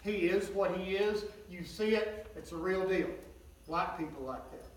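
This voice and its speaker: A man's voice: high-pitched, a little slow. A man preaching a sermon, retelling scripture in a folksy, conversational way with joking asides. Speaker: pastor. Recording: echoey hall, mic at a distance.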